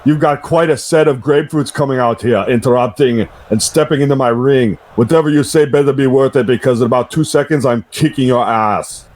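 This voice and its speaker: A man's voice: medium pitch, brisk, hardly any pauses, a little mellow, voice pushed up, natural voice. A man hamming up a sneering wrestler. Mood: taunting. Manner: hammy, clumsy script reading. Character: cocky, sneering male wrestler cutting a promo.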